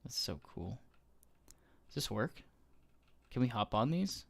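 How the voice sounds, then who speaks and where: A man's voice: mid-range voice, sing-song, slow, creaky, husky. Gushing man murmuring over a game. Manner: gushing, awed, often trails off into soft murmurs. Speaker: gaming YouTuber. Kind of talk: casual gameplay commentary.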